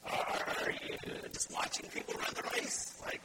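A man's voice: normal speed, few pauses. A man preaching a sermon as pastor, putting direct, repeated questions to his congregation. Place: church. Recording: loud background noise.

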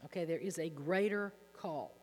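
A woman teaching from the Bible in an earnest way, reading passages aloud with emphasis, recorded in a hall with a low mains hum. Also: normal speed, darkish tone.

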